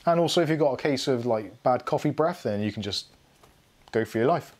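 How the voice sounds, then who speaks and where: A man's voice: medium pitch, lively intonation, brisk, a little mellow. A middle-aged man hosting a live tech stream, rambling and self-mocking as he goes through his tools. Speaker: tech channel host. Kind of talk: casual live unboxing chat.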